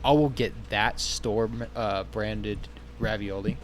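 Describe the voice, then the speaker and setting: A man chatting casually on a podcast, telling an animated story full of swearing and acted-out quotes. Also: lowish voice, slow pace, a little hiss or hum. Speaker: podcast co-host.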